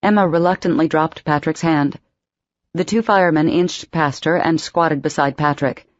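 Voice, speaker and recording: A woman narrating an audiobook in a steady, expressive storytelling voice. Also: sits low, normal speed, dry recording, highs cut off. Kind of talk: scripted narration.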